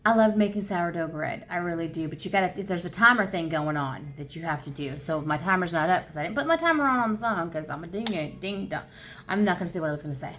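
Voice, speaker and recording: A woman in her fifties chatting casually at home for her crochet vlog, rambling and easily excited. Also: fairly low pitch, fast. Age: 50s. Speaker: crochet vlogger. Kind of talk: casual chat.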